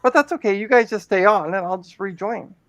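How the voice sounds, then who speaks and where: A woman's voice: medium pitch, fairly quick, a bit bright, no echo. A woman hosting her stream, chatting casually with guests on a voice call in a wry, teasing way. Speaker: streamer and host. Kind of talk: casual chat.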